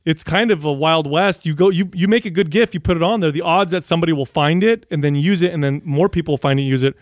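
Higher-voiced podcast host giving opinions. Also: male voice, quick pace, dry recording, studio quality. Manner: opinionated, explains with examples. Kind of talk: casual chat.

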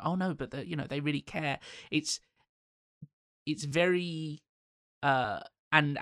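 A man with a mid-pitched voice co-hosts a relaxed discussion, thinking aloud as he goes and restarting his sentences. His voice is recorded dry and close. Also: no room sound. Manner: rambling, many fillers and restarts. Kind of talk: casual film discussion.

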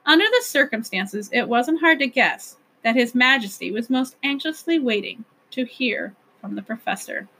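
A woman reading a children's novel aloud as narrator, with gentle, expressive storytelling. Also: fairly high pitch, moderate pace, creaky, few pauses, slightly rough.

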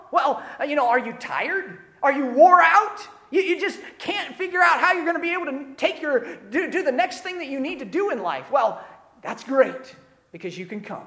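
Fervent pastor preaching in an echoey church. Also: high-pitched. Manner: earnest preaching, swells to fervent near-shouting. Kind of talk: sermon. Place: church sanctuary. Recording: roomy echo of a church room.

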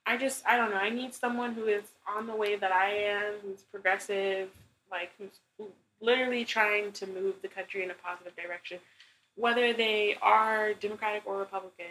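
A woman's voice: mid-range voice, fairly even intonation, normal speed, a bit bright, slight background noise, poor audio. A young woman co-hosting a casual chat, blunt and exasperated, with lots of "like" and restarts. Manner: blunt, exasperated, heavy filler use. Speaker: co-host.

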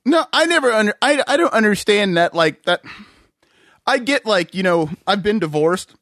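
A man's voice: sits high, lively intonation, normal speed, a bit bright, dry recording, studio quality. A man co-hosting a podcast in casual banter, joking and laughing a lot and trailing off mid-thought. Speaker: podcast co-host.

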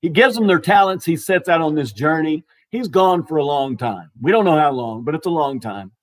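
High-voiced man preaching casually. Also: expressive, moderate pace, no echo. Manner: conversational, with restarts and fillers. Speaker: pastor. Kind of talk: casual sermon storytelling.

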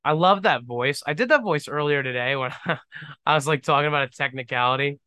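Bright-voiced young man rambling jokingly. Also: fairly high pitch, brisk, smooth, no room sound. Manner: rambling, self-deprecating and joking. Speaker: podcast host. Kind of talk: casual solo podcast monologue.

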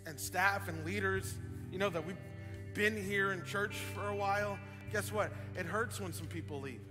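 A man preaching a sermon as pastor, animated, swinging up to loud emphatic peaks. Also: high-pitched, moderate pace. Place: church sanctuary. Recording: long hall reverb with faint music.

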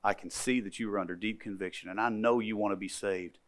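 A calm male church deacon speaks gently and firmly in a hushed, measured voice, as a preacher acts him out. He sounds close to the preacher's own voice, just softer. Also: medium pitch, lightly acted. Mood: gentle.

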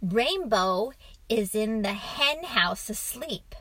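Casting: woman reading as a patient dad spinning a bedtime tale, light higher voice, dry sound. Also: lively intonation, slow pace, dry recording, heavily acted. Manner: gently teasing, storytelling. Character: patient, teasing father telling a story. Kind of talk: storybook reading.

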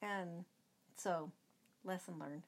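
Middle-aged woman guest; unhurried, rambling storyteller. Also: on the low side, steady tone. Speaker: guest, mother telling a family story.

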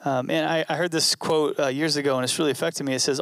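Male pastor, earnest and conversational, repeats lines for emphasis; voice on the higher side. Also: steady tone, quick pace, fairly bright tone, no room sound, clean studio sound. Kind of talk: sermon.

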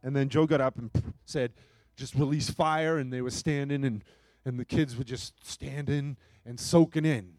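A man preaching a sermon and telling a story, his voice swinging between hushed moments and loud, emphatic bursts. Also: mid-range voice, fairly even intonation, moderate pace, no echo. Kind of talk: sermon testimony.

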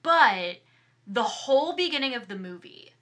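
A woman co-hosting a podcast, chatting casually about a movie in an animated, emphatic way. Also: fairly high pitch, moderate pace. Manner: animated, emphatic, restarts often, mimics lines. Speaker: podcast co-host. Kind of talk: casual movie review chat.

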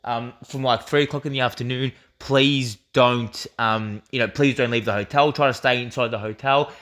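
A young Australian man telling a story on a podcast in relaxed, casual chat. He rambles, leaning on fillers and swearing freely as he goes. His voice sits at an ordinary middle pitch for a man. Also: normal speed. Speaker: podcast co-host.

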